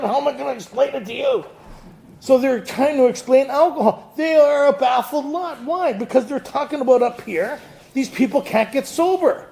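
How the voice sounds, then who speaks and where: A man's voice: very high-pitched, lively intonation, normal speed, creaky, darkish tone. A man leading a recovery group through a book study, quizzing the audience, joking and laughing as he goes. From Canada. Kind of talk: lively talk to a recovery group. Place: meeting room with audience.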